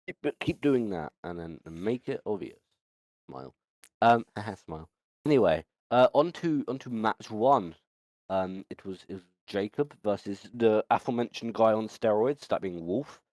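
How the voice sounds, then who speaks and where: Rambling man, low voice. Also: expressive, normal speed, darkish tone, no echo. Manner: rambling, stumbling, lots of ums and restarts. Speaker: podcast host. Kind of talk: casual chat.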